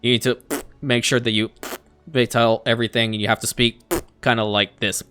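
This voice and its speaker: Excitable man narrating his gameplay. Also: mid-range voice, a little fast, faint music behind. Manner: excitable, talks to game characters, laughs often. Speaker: gaming YouTuber. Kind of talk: casual let's-play commentary.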